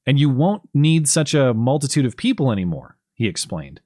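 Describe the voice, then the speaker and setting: A man's voice: mid-range voice, very animated, normal speed, dark tone, no echo, studio quality. A man co-hosting a political commentary podcast, talking casually with sarcastic, wry asides. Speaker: podcast co-host.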